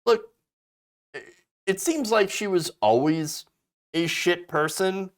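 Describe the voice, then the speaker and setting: A man's voice: sits high, slow. A man hosting casual political commentary, sarcastic and mocking, slipping into exaggerated voices to ridicule people.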